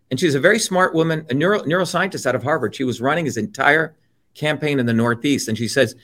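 A man's voice: fairly high pitch, quick pace, fairly bright tone. A middle-aged man from India, an interview guest delivering a heated political monologue, blunt and profane, with mocking asides.

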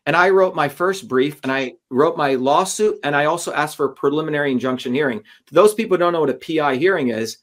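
Man, fairly high voice, animated storyteller, interview guest. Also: quick pace, few pauses. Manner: animated, acts out courtroom dialogue.

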